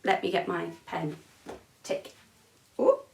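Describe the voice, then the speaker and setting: A woman leads a music lesson for young children, encouraging them and counting the beats out loud. She is recorded at home from some way off the mic. The room rings with echo, and noise sits clearly behind her voice. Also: on the low side, big pitch swings, slow pace. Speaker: music teacher. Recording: echoey room, mic at a distance, noisy.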